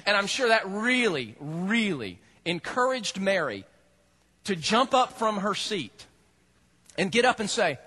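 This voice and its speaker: A male pastor preaching a sermon, animated and humorous as he tells the story. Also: high-pitched, normal speed.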